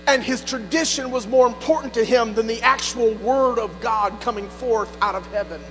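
A pastor preaches in a lofty, bright tenor, calling on his congregation to answer him and climbing into fervent shouts. His voice rings out with a long reverb through a church sanctuary, with faint music playing beneath. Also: very high-pitched, normal speed. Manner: call-and-response preaching, building to shouts. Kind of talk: sermon.

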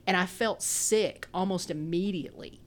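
A woman's voice: lowish voice, moderate pace. A woman in her thirties with a Texan accent, chatting casually as a podcast co-host, rambling and laughing often. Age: 30s. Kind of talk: casual chat.

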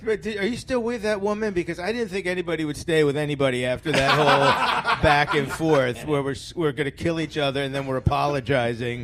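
Talking fairly fast with a fairly high voice and barely pausing, this middle-aged Philadelphia-area comedian appears as a podcast guest on a very noisy recording. His casual storytelling is rambling, self-deprecating, and full of laughter.

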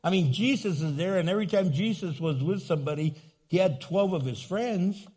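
Older pastor, husky voice pitched high, jokey and animated preaching. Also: male voice, brisk. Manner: animated, humorous, acts out voices in quotes. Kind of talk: sermon.

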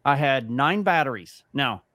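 Recorded in clean studio sound with no room sound, a man co-hosting a podcast tells a story casually. His medium-pitched voice moves at a measured pace, and he animatedly performs the quoted dialogue of others.

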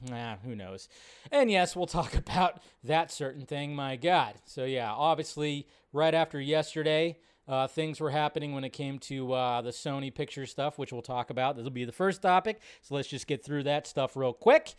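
A man hosting a live show, chatting casually in a rambling way and swearing often during animated rants. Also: mid-range voice, moderate pace, smooth. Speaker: host.

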